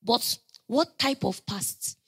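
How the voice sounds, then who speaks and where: A woman preaching a sermon, telling stories conversationally and building to loud, emphatic proclamations. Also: a little high, animated, takes it slowly, vocal fry, husky. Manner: conversational storytelling with playful asides.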